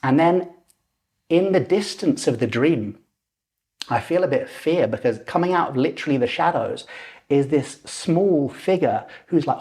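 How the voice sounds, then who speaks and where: A man's voice: medium pitch, darkish tone, breathy edge. A man in his forties, a podcast guest telling a personal story animatedly and acting out the voices in it. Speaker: podcast guest, lucid dreaming teacher.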